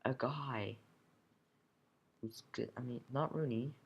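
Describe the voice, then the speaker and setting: A man's voice: mid-range voice, slow pace, gravelly, slightly rough, lo-fi sound. A teenage boy commenting casually on his game, grumbling and swearing, sometimes dropping to a whisper, recorded at home. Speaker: gamer opening card packs.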